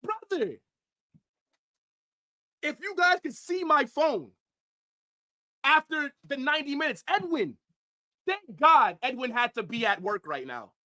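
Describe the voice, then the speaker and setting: A man ranting angrily on a football livestream, profane, swinging from shouts to low mutters. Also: big pitch swings, measured pace, long pauses. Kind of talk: livestream rant.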